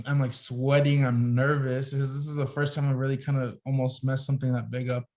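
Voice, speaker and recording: A young man talks on a podcast as a photographer guest, recounting a story with animated, casual energy. He peppers his sentences with "like" and keeps the tone relaxed and conversational. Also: mid-range voice, fairly quick. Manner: animated storyteller, heavy use of "like".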